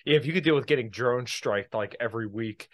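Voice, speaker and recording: A man's voice: mid-range voice, brisk, no room sound. A man hosting a podcast, chatting casually and joking in conversation. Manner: joking, relaxed chat. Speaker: podcast host.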